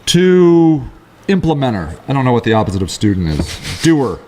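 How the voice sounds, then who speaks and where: A middle-aged man co-hosting a casual talk show, telling rambling stories in quick, lively bursts. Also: medium pitch, a little hiss or hum. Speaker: co-host. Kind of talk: casual chat.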